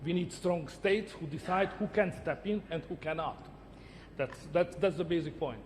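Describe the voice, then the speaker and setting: A middle-aged head of government whose first language is Hungarian answers interview questions in short, emphatic statements that repeat words. His voice is a little high and a little mellow, at normal speed, with big-room sound and slight hiss or hum.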